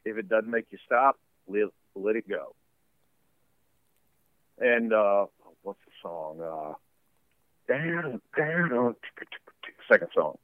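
A man's voice: fairly low pitch, takes it slowly, long pauses, dry recording, narrow, tinny audio. A man talking casually as a musician guest in an interview, rambling with lots of fillers and laughs. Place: home basement studio.

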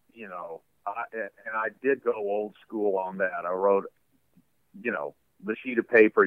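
Rambling musician on a tinny phone line. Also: male voice, sits low, no echo. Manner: rambling, laughs often, many fillers. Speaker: musician guest. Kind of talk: casual interview chat. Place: home basement studio.

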